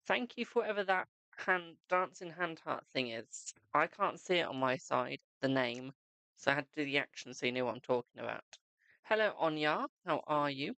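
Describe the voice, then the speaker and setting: A man's voice: on the high side, expressive, moderate pace, vocal fry, sharp tone, smooth, dry recording. A man streaming live, reading tarot cards and chatting with viewers, calling them "my darling". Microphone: desk microphone.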